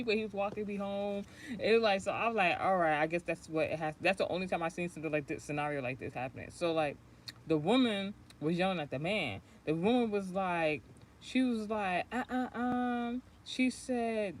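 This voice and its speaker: A woman's voice: low voice, slight background noise. A woman hosting a spiritual channel, telling a long story in a casual livestream, rambling and swearing and laughing as she goes. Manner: rambling, profane, laughs often.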